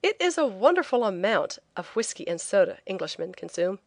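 A woman reading a travel memoir as an audiobook narrator, telling it in a clear, lively way. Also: mid-range voice, brisk, dry recording, studio quality.

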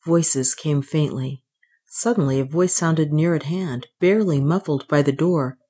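A woman narrating a story aloud in a steady, even reading voice. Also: deep voice, a little slow, slightly rough. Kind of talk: scripted audiobook narration.

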